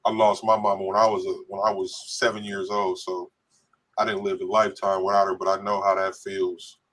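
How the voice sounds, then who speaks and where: A man's voice: sits low, little pitch movement, brisk, fairly bright tone. A man co-hosting a casual podcast, reading viewer comments aloud and joking with a laugh. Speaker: podcast co-host reading live chat. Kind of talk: casual live-stream chat.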